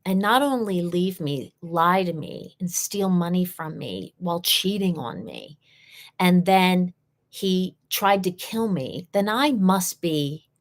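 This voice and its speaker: Woman, lowish voice, earnest storytelling, repeats phrases for emphasis, live session host. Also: expressive, slow pace. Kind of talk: personal storytelling.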